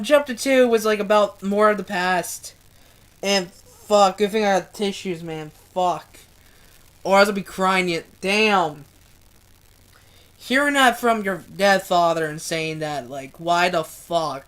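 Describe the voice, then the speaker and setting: A woman's voice: mid-range voice, a little slow, fairly bright tone. A young woman reading a novel aloud, emotional and often swearing as she reacts. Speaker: book reader.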